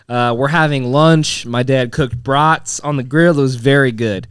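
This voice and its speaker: A man's voice: mid-range voice, measured pace, smooth, no echo, studio quality. A young man co-hosting a podcast, telling a story in casual chat, swearing and laughing along the way. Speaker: podcast co-host.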